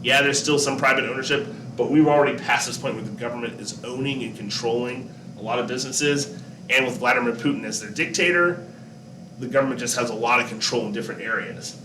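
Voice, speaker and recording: A man teacher giving a relaxed classroom lesson, talking to his students, asking them questions and joking along the way. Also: medium pitch, quick pace, background noise. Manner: chatty, asks students questions, jokes. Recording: echoey room, distant mic, faint background.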